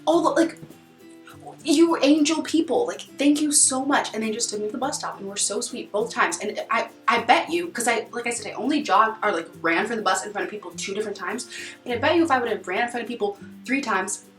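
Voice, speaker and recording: A woman's voice: on the high side, fast talker, fairly bright tone, soft background music. Young American woman vlogger, bubbly and chatty, roomy sound from a distance. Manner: bubbly, rambling, lots of "like". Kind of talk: casual chat to camera. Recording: echoey room heard from a distance.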